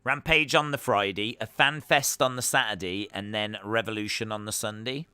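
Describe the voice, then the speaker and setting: A man's voice: lowish voice, fairly even intonation, moderate pace, pushed and bright, smooth, dry recording. A man hosting a live reaction stream, chatting and joking about what he is watching, with frequent uhs.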